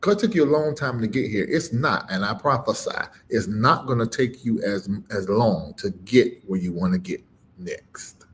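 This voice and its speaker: A middle-aged man preaching on a live stream, emphatic and informal, swinging between loud punches and low murmurs and repeating phrases with a rising cadence. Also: lively intonation, normal speed. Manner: informal, dropped verb endings. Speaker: preacher and livestream host.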